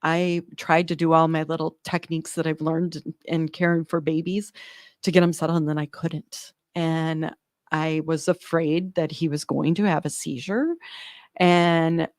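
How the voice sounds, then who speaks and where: A woman working in newborn care, earnestly telling an animated story in an interview, acting out the dialogue. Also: low-pitched, measured pace, no echo, clean studio sound. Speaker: neonatal medical provider, guest.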